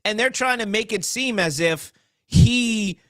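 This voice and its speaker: A man hosting a political commentary talk show, talking in an animated, rambling way with many asides. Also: sits high, a little slow, no echo, clean studio sound. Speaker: host.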